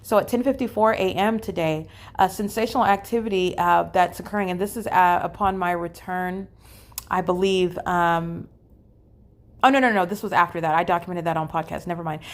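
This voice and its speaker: A woman's voice: fairly low pitch, fairly even intonation, a little fast. Woman vlogging alone in a hotel room, pushy emphatic talk, lots of uh and um, keeps repeating herself. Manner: emphatic and repetitive, with frequent fillers. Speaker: vlogger documenting her day. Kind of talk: solo spoken monologue to camera.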